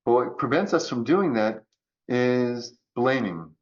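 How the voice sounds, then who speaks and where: A man talking as a podcast guest about choice and resilience, acting out quoted voices in an animated way. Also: medium pitch, unhurried, highs cut off. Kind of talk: conversational coaching talk.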